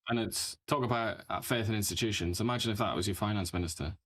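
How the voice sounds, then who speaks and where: A man co-hosting a casual political talk show, chatty and quick to laugh between points. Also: fairly low pitch, a bit bright. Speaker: co-host.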